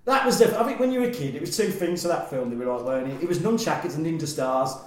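A man's voice: fairly high pitch, expressive, racing, a crowd in the background. A man as a guest in a casual film chat who laughs a lot and swears casually. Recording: very echoey room.

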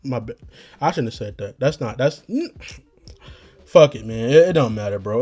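Young male podcast host, hoarse, dark mellow tone, rambling and profane. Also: mid-range voice, lively intonation, normal speed. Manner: slangy, profane, rambling with restarts. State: getting hoarse. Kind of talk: rambling casual monologue.

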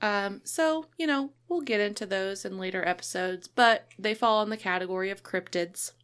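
A woman co-hosting a podcast in casual chat, relaxed and chatty, with many fillers. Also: mid-range voice, normal speed, clear, resonant tone. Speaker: podcast co-host.

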